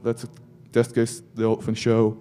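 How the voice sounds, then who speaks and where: A man's voice: fairly low pitch, completely flat delivery, normal speed, mellow. A man giving a security conference talk, breaking into joking asides to the audience. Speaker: conference speaker.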